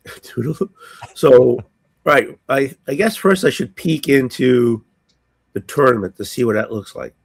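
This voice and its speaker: A hoarse man playing a tabletop game, hesitant and thinking aloud with many ums. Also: mid-range voice, lively intonation, unhurried, no echo. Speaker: player.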